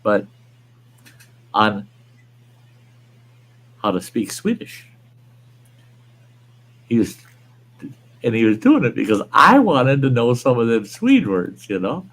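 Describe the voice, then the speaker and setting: A man's voice: medium pitch, huge pitch swings, slow, long pauses, a bit bright. A man hosting a livestream, chatting casually, rambling and reading viewer comments aloud. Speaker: livestream host. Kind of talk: casual chat.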